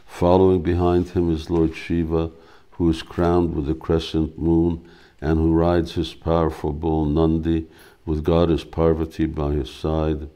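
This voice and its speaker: Male spiritual teacher reading a devotional play aloud, steady, dark and mellow. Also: very deep voice, measured pace.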